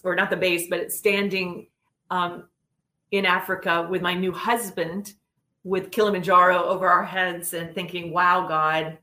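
A middle-aged woman telling a personal story in an earnest, animated way as an interview guest. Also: lowish voice, normal speed. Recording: roomy echo.

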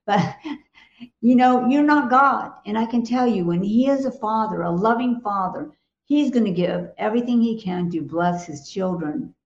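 A woman's voice: a little high, measured pace, reverberant, lo-fi sound. A woman co-hosting a Christian talk show, speaking with emphatic assurance and laughing easily. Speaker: co-host.

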